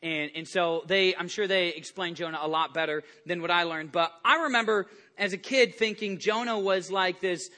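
High, bright-voiced animated pastor. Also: male voice, moderate pace, hardly any pauses. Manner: animated, acts out quoted voices, many restarts. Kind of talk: sermon. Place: church service before a congregation.

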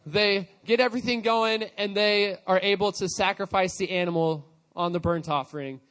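A man's voice: high voice, moderate pace. A man leading a youth service, casually retelling a scripture story while others act it out. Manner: casual, animated retelling with quoted voices. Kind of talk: storytelling sermon.

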